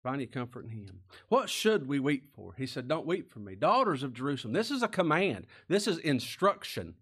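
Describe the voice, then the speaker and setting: A man preaching a sermon as pastor, folksy and plain-spoken, asking rhetorical questions and sometimes dropping to a hush. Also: mid-range voice, very animated, normal speed, husky.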